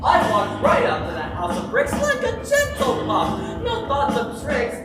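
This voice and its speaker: A woman's voice: very high-pitched, huge pitch swings, unhurried, heavily acted. A young woman playing a sneezing, sheepish male wolf on trial, singing and speaking in a live school musical. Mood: theatrical, singing. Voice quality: sing-song, theatrical delivery. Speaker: stage actor in a school musical. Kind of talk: live stage musical, sung and spoken. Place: school stage in a large hall. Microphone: distant room mic. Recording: echoey hall from far off, loud music.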